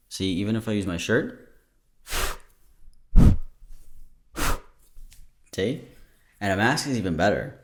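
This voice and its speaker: Podcast host, man, very low voice, loose joking banter with swearing, sounds tired. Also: expressive, slow, long pauses, noisy background. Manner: joking, rambling, swears freely. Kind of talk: casual podcast chat.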